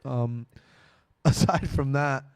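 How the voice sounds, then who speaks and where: A young man, a comedian, telling animated stories on a casual podcast and laughing often. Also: mid-range voice, very slow, a little hiss or hum. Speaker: comedian guest.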